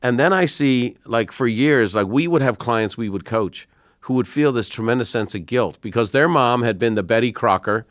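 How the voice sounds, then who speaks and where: A middle-aged man hosting an interview podcast, telling stories in a conversational, animated way. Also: mid-range voice, moderate pace, dry recording, studio quality. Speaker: podcast host.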